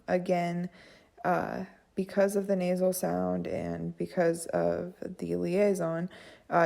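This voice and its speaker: A young woman gives a relaxed class presentation, speaking slowly with plenty of fillers. Her voice is low-pitched, dark and gravelly. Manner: unhurried, frequent fillers. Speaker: student presenter.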